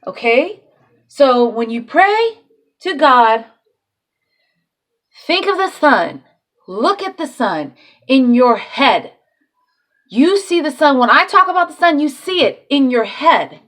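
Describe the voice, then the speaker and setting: A woman's voice: high voice, big pitch swings, takes it slowly, pauses often, a bit bright. A woman talking casually and with feeling about faith, swearing freely and laughing between thoughts. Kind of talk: casual spiritual monologue.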